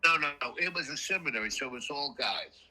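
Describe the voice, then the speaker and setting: A man's voice: fairly high pitch, quick pace, a little hiss or hum, rough recording. An older man telling rambling stories about his past in a casual chat, coughing now and then. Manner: rambling, animated, frequent coughs. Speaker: storyteller guest. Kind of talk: casual storytelling.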